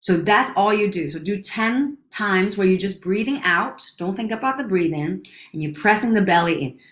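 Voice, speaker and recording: A woman leading a guided breathing exercise, counting breaths slowly and calmly, at times softening almost to a whisper. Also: mid-range voice, echoey room. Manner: calm, slow counting of breaths, dropping to near whispers. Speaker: breathing instructor.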